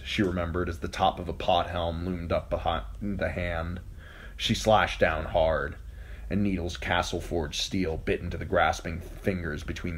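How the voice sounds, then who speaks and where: A man narrating an audiobook chapter in a steady, even read. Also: deep voice, moderate pace, slight background noise. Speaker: amateur audiobook reader.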